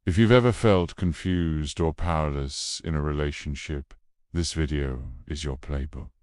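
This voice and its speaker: A man giving scripted narration in a dramatic, measured storytelling manner with ominous pauses. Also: extremely low pitch, darkish tone, no room sound, studio quality.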